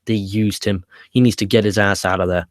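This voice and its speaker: A man's voice: on the low side, steady tone, a little fast, no room sound, clean studio sound. A man hosting a live wrestling review stream, chatting casually and swearing freely as he rambles through viewer comments. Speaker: wrestling review show host. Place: home setup with laptop.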